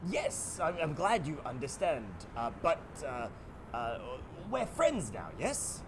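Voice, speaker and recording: Woman player, slow coaxing in-character talk, noisy stream audio. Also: sits low, very animated. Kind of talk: in-character tabletop play.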